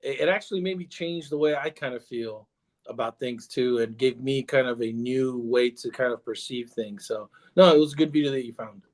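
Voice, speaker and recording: A man's voice: medium pitch, moderate pace, a little mellow. A man who is a parenting coach and co-host, speaking in an easygoing, appreciative way and hedging his words. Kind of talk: conversational podcast talk.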